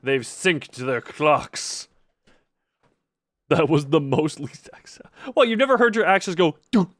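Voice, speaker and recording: A man's voice: on the high side, very animated, slow, fairly bright tone, dry recording, clean studio sound. A man streaming a horror game, talking casually to himself and his chat with sarcastic asides. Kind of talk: casual live game commentary.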